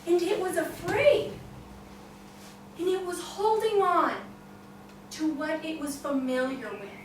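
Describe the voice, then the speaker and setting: A woman storyteller voicing a humble, wise farmer who explains calmly, in an echoey room from far off. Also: extremely high pitch, slow pace, a little hiss or hum.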